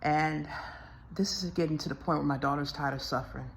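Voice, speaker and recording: Tired woman venting to her phone, low gravelly voice, a little hiss behind. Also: fairly even intonation, a little fast. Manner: weary, aggrieved, repeats herself. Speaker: vlogger. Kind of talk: emotional monologue to camera.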